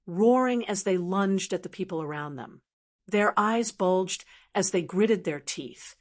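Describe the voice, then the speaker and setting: A woman narrates a fantasy novel in a steady, even reading voice. Her pitch sits in the middle, with a plain scripted delivery.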